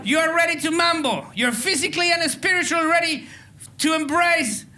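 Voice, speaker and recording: A man's voice: extremely high pitch, normal speed, pushed and bright. A man from Venezuela with a Venezuelan Spanish accent, hosting a stand-up comedy show and hyping a live crowd with playful energy. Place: theatre stage before a live audience.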